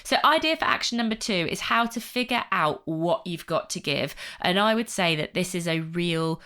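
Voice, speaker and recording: A woman co-hosting a career podcast in casual chat, talking in an animated way and acting out inner doubts in quick asides. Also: fairly low pitch. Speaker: podcast co-host.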